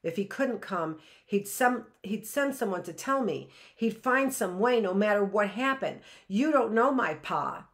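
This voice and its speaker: A woman's voice: lowish voice, normal speed, natural voice. A woman voicing an earnest, anxious young boy in a storybook read-aloud, insistent and urgent. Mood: pleading.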